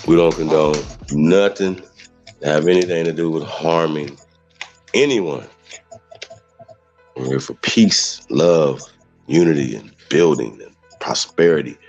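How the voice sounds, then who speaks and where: A man with a low, gravelly voice holds forth on a livestream. He talks bluntly and heatedly, rambling from one point to the next. The audio sounds dull and lo-fi. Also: unhurried, pauses often, over music. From Mississippi. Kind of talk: casual livestream talk.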